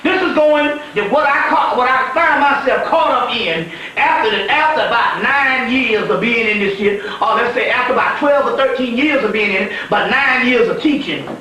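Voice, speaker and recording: Very high-pitched man lecturing in an echoing hall. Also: moderate pace, hardly any pauses, sharp tone. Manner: profane, emphatic, laughs often. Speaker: spiritual teacher. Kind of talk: profane, animated storytelling lecture. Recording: echoey room from far off, faint noise.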